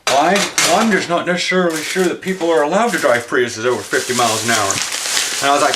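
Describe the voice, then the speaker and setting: A man's voice: on the high side, fast. Rambling man vlogging with a noisy camera. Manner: rambling, chatty, jumps between topics. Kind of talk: casual vlog monologue. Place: shops, butcher and car, in and out. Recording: noisy handheld camera audio.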